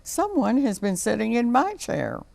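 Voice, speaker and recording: A fussy mama bear from a storybook, voiced by a woman reader. Her voice is raised a little above the narration and bends up and down with feeling, with a gravelly edge. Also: on the high side, huge pitch swings, normal speed, darkish tone, voice pushed up, full character voice. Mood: indignant. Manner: fussy, exclaiming.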